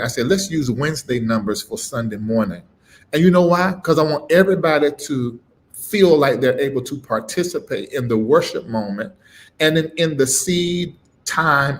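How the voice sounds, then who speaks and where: A middle-aged man preaching on a live stream, emphatic and informal, swinging between loud punches and low murmurs and repeating phrases with a rising cadence. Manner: informal, dropped verb endings. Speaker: preacher and livestream host.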